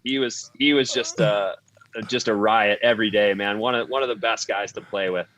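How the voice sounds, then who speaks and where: A man, a former hockey player, telling casual anecdotes as a podcast guest, laughing and pausing on fillers as he goes. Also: lowish voice, fairly even intonation, a bit bright, rough recording. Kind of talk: casual storytelling.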